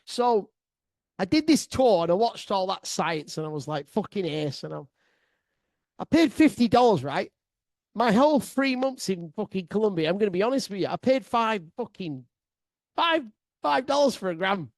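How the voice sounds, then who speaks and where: A man telling a sweary comic travel story to his listeners, excitable, laughing often and swearing freely. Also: sits high, normal speed, dry recording. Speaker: podcast storyteller.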